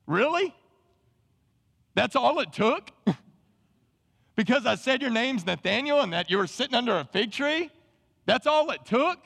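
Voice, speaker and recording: A man doing a folksy teasing Jesus, high gravelly voice, long church reverb. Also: expressive, normal speed, fairly bright tone, full character voice. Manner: folksy drawling paraphrase. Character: Jesus, a male teacher, gently teasing.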